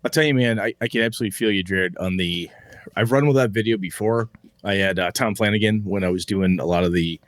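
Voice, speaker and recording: A man's voice: fairly low pitch, fast, no room sound. A man co-hosting a casual podcast, rambling and swearing freely as he reads listener mail. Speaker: podcast co-host.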